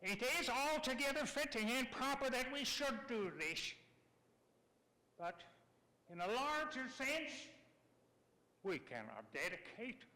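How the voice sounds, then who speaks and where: A man playing a high-voiced frontier statesman. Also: big pitch swings, slow pace, pauses often, pushed and bright, exaggerated voice. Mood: solemn. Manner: solemn, with sweeping rises and falls. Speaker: orator reciting a historic address. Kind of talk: ceremonial dramatic recitation. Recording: echoey hall with long reverb.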